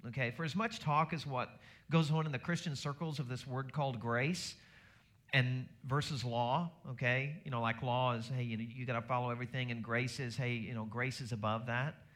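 A middle-aged man preaching a sermon at a medium pitch. He talks in a plain, conversational way and then climbs higher and louder to press his points. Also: normal speed. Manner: conversational preaching with lively rises in pitch and volume. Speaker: pastor.

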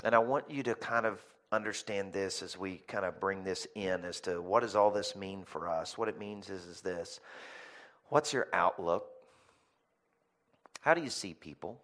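Lively storytelling male pastor, low voice. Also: normal speed. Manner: lively storytelling with rhetorical questions; jokey asides to the congregation. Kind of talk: sermon.

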